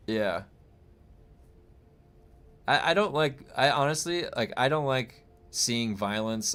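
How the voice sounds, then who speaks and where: Chatty rambling man streamer, low-ish voice. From United States. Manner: rambling, chatty, with frequent fillers and restarts. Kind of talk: casual chat reading viewer comments.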